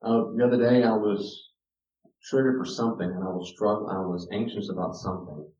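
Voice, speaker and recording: A man, a counselor, giving an informal teaching talk with personal stories. He is animated and restarts often, dropping to quiet asides and rising to loud emphasis. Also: fairly low pitch, brisk. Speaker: counselor teaching a parenting class. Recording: echoey room, distant mic, dull sound.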